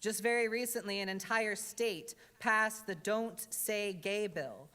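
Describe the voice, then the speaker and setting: A woman's voice: mid-range voice, a little slow, fairly bright tone. A woman drag entertainer giving a wry, earnest address with comic asides at a church service. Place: church sanctuary. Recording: reverberant church hall.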